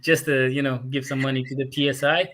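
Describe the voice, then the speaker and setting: A man's voice: mid-range voice, little pitch movement, fast, fairly bright tone. A man with an American accent hosting a casual interview, asking questions and joking between them. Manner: chatty, joking, asks questions. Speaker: host.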